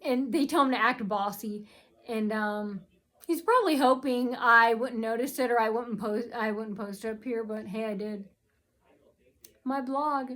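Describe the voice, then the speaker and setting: Rambling woman with a high voice. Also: a little slow, a bit bright. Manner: rambling and repetitive, complaining. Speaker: vlogger. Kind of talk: rambling personal vlog.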